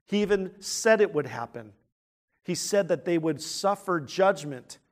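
A man preaching a sermon in an earnest way, asking rhetorical questions and swinging from quiet, hushed points to loud, emphatic ones. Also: high voice, expressive, a little slow. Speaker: pastor.

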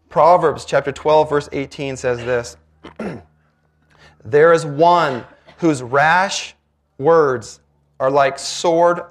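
A man preaching a sermon, earnest and emphatic, slowing down to read scripture. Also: fairly high pitch. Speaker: pastor.

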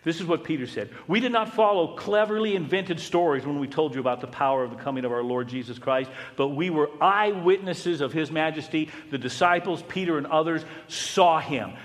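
A man preaching a sermon, swinging from loud exclamations down to hushed, almost whispered words, with rhetorical questions and repeated storytelling lists. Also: on the high side, a little fast, few pauses. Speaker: pastor. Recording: long hall reverb.

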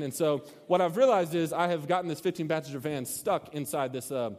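An animated man preaching a sermon, telling a long story and acting out shouts. His voice sits a little high for a man and rings in the long reverb of a big hall. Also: a little fast. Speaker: pastor.

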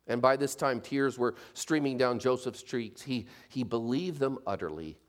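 A man narrating a story aloud, expressive and swinging from soft to emphatic. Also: mid-range voice, normal speed.

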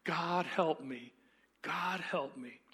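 A man's voice: high-pitched, normal speed, a bit bright. A man voicing a frightened male ghost who stammers and pleads as he clings to his sin, during a sermon reading. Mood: despairing.

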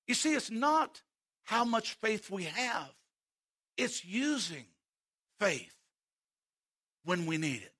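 High, bright-voiced male preacher. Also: very animated, husky. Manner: swings between loud emphatic calls and hushed, slow passages; asks the congregation direct questions. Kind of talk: sermon.

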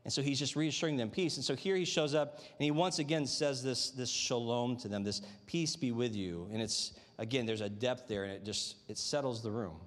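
A man's voice: mid-range voice, fairly even intonation, brisk, few pauses, fairly bright tone, big-room sound. A man preaching a sermon to a live congregation in a chatty, conversational way, often tossing out rhetorical tag questions. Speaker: pastor. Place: church sanctuary with live congregation.

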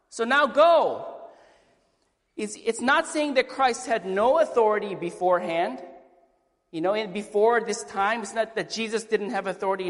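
A man delivers a sermon from a church pulpit, his voice sitting high for a man. He is animated, firing off rhetorical questions and acting out the quotes he cites. The sound carries a long hall reverb. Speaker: pastor.

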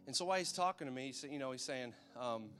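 Male preacher, easygoing and chatty, mid pitch, soft music bed. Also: lively intonation, fast talker. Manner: conversational, checks in with the audience. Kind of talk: sermon.

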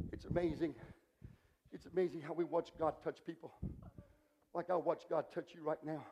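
A man preaching a revival sermon, swinging between shouted, rhythmic climaxes and hushed, intimate stretches, with a repeated "uh" between phrases. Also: sits high, wildly swooping pitch, normal speed, some chatter behind, slight background noise. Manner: punctuates phrases with "uh", repetitive rhythmic cadence. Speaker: guest preacher. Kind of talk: Pentecostal-style revival sermon.

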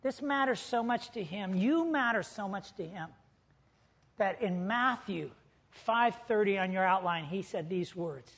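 Male pastor, very high voice, humorous storyteller, sermon delivery. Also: measured pace. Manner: lively storytelling preacher with humor.

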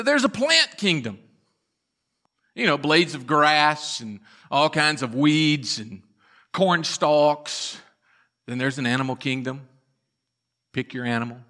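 Bright-voiced preacher man. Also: fairly high pitch. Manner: folksy storytelling with dramatic pauses. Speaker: pastor. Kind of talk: sermon. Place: church.

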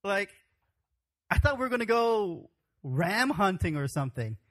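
Male pastor voicing young Isaac, high-pitched and loud, comically indignant. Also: very animated, a little slow, full character voice. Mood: comic outrage. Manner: exaggerated, comic complaining.

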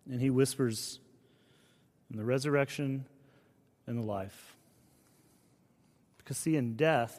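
A man preaching a sermon as a pastor, in a conversational, earnest style that often drops to a hushed delivery. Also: medium pitch. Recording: long reverb of a large hall.

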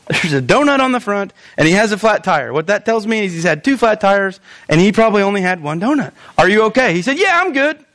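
A male pastor preaching a sermon in a church, animated and often acting out quoted voices. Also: high-pitched, a little fast, dry recording.

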